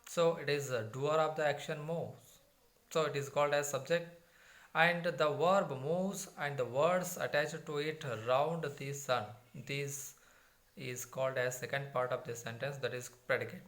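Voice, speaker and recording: A man's voice: a little high, fairly even intonation, unhurried, a bit bright. Indian man teaching English grammar. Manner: repeats and rephrases points, many fillers and restarts. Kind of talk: grammar lesson explaining from a textbook.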